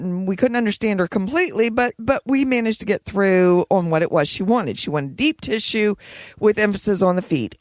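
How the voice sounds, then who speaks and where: A woman co-hosting a podcast about running a spa, telling workplace stories in a lively way and laughing often. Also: medium pitch, no echo. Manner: animated storyteller, laughs often. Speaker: podcast co-host, spa owner. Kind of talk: casual podcast chat.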